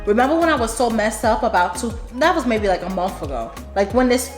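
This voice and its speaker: A woman's voice: fairly high pitch, very animated, a little fast, reverberant, faint music behind. A woman with a New York accent chatting casually over a meal for a vlog, telling a story with frequent laughs. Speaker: vlogger. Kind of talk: casual mukbang chat. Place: home room, eating at a table.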